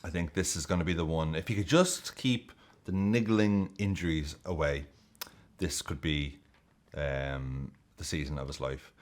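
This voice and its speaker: A man hosting a football video, giving jokey, excitable and sweary casual commentary. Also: very deep voice, unhurried.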